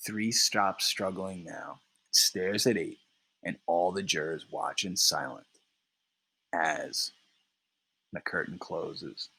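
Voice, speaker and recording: A male teacher reading a play aloud for his class and explaining it in a relaxed way. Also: low-pitched, slow, gravelly, long pauses, breathy edge, rough recording. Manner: explains terms between lines, relaxed.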